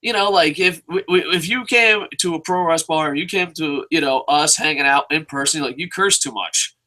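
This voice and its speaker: Brash, bright-voiced man ranting. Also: on the high side, moderate pace. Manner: ranting, profane, animated. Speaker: podcast co-host. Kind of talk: casual chat.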